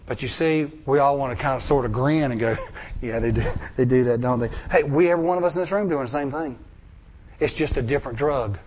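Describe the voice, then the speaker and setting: A man's voice: on the high side, a little fast, slight background noise. Dramatic preacher man. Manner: dramatic, acts out voices, swings from loud to hushed. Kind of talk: sermon storytelling.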